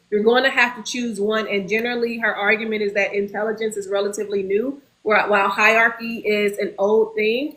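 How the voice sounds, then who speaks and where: A woman's voice: on the high side, fairly bright tone, poor audio. A woman hosting a casual book discussion over a video call, lecturing in a chatty way. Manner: chatty, lecturing, says y'all.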